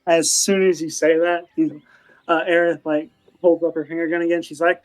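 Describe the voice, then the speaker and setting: A woman's voice: low voice, level tone, fairly quick, darkish tone. Woman game master narrating casually. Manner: casual, filler-heavy narration.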